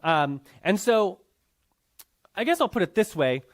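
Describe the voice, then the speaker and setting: Guy teaching bible class, highish voice that jumps around a lot, chatty, keeps asking you with me. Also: very animated, measured pace. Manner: conversational, checks in with students often. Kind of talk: classroom lecture.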